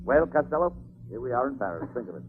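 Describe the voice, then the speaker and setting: A man playing the brisk, bossy straight man on a 1940s radio comedy show. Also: mid-range voice, sing-song, faint music behind. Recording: tinny old 1940s radio broadcast.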